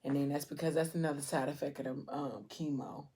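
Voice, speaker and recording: A woman's voice: low-pitched, fairly even intonation, a little fast, dark tone, slightly rough. A woman vlogger casually retelling a long story between bites, chatty and slangy, with lots of "like" and "um". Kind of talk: casual storytelling during a mukbang.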